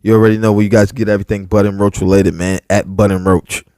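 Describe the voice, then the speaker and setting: A man's voice: lowish voice, fast, no room sound, studio quality. A man co-hosting a podcast, telling a story in casual, profane talk full of filler words and restarts. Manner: heavy filler words, profane, animated retelling. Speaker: podcast co-host.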